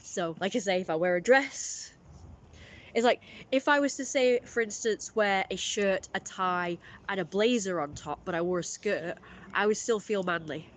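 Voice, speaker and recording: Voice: mid-range voice, moderate pace, fairly bright tone, slight background noise. A streamer, rambling through a casual live-stream story with lots of fillers.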